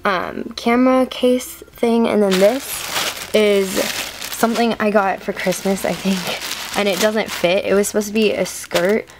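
A woman's voice: mid-range voice, steady tone, measured pace. A teenage woman in her bedroom, giving a casual room tour, chatty and rambling with lots of ums. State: slightly out of breath. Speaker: vlogger. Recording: noticeable background noise.

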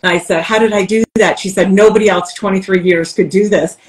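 The audio is poor, and the woman's mid-range voice moves a little fast. She's a coach guesting on a podcast, recounting stories candidly in conversation, animated and laughing as she acts out the voices she quotes.

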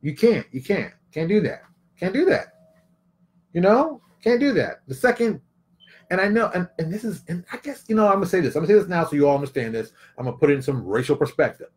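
A middle-aged man talks straight to his listeners in a casual opinion monologue, his voice swinging widely up and down as he presses each point. He sits a little higher than most men and hammers lines home by repeating them. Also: fast. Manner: animated, emphatic, repeats phrases for effect. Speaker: commentary vlogger.

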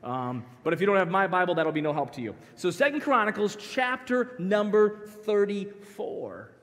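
A man in his thirties preaching at a youth conference, an animated, joking storyteller who talks straight to the crowd. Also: a little high, quick pace. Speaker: pastor. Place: church sanctuary. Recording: long hall reverb.

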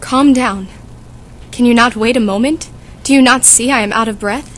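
A woman's voice: on the high side, slight background noise, lightly acted. A woman playing a fussy, chatty old nurse who complains and teases, reading for a school audiobook. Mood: complaining. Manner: complaining, teasing, drawn-out.

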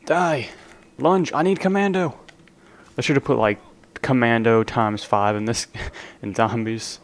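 A man's voice: mid-range voice, animated, unhurried. Joking young man narrating live gameplay. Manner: casual, joking banter at other players. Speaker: gaming channel host. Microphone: desk microphone, leaning in to be heard.

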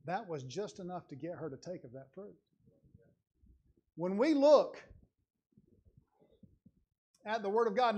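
High-voiced man preaching a sermon. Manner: earnest, conversational preaching with rising emphatic passages. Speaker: lay preacher. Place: church sanctuary.

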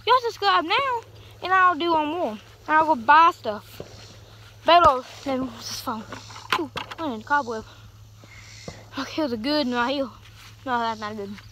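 Young woman, high voice, chatty rambling vlog, out of breath, phone mic, cornfield, noisy outdoor recording. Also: moderate pace, pauses often, a bit bright. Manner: chatty, rambling, talks to viewers. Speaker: vlogger. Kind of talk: casual vlog. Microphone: phone held in one hand.

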